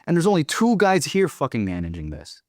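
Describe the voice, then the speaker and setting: A man's voice: on the high side, wildly swooping pitch, brisk, dry recording, studio quality. A young man telling a war story as a podcast guest, swearing freely and acting out quoted dialogue. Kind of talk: casual storytelling.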